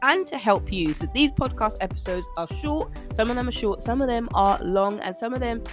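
A woman's voice: fairly high pitch, animated, normal speed, music in the background. A woman hosting her own nutrition coaching podcast, talking chattily and animatedly to her listeners and laughing often. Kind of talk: casual solo podcast monologue.

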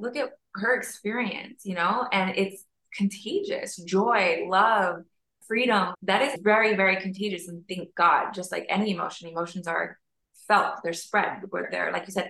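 A woman's voice: fairly low pitch, normal speed, vocal fry, pushed and bright. A woman talking as a guest in a casual spiritual conversation, flowing and emphatic, building long runs of repeated phrases. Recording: roomy echo.

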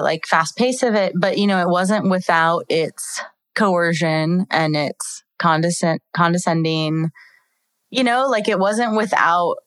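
A woman's voice: on the low side, a bit bright, no room sound. A woman hosting a casual chat, outspoken and supportive toward her guest. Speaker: podcast host.

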